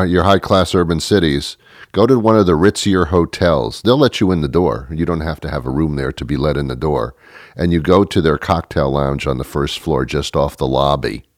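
A man rambles through a comic monologue of tongue-in-cheek advice. His voice sits extremely low. The sound is dry and close, with no room around it. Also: dry recording. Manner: rambling, joking, conspiratorial advice. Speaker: comedic monologue host.

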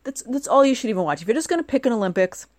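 A woman in her forties from the United States talks in a high-pitched voice at a racing clip, with no echo on the recording. She's chatty and animated, rambling casually and often tossing out rhetorical questions.

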